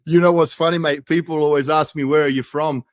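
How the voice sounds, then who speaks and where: A man's voice: a little high, fairly even intonation, brisk, no echo, studio quality. A man in his thirties from Australia with an Australian accent, a jokey, chatty interview guest who keeps saying "mate". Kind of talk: casual interview talk.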